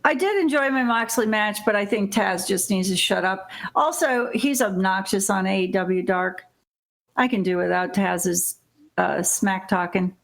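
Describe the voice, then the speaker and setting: A woman's voice: mid-range voice, measured pace, gravelly. A middle-aged woman from Illinois, co-hosting a wrestling podcast in casual chat, blunt and rambling, swearing and laughing often. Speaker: podcast co-host.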